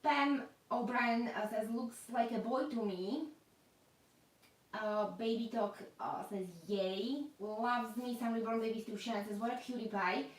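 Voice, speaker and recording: A woman with a fairly high pitch talks in an unhurried way while unboxing dolls on a live stream. Chatty and filler-heavy, she reads out viewer comments in an echoey room.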